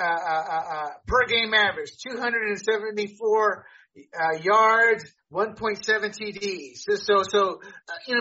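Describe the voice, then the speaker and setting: A man's voice: sits high, pushed and bright, slightly rough. A man hosting a casual sports talk show, blunt and joking. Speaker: podcast host. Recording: dull lo-fi audio.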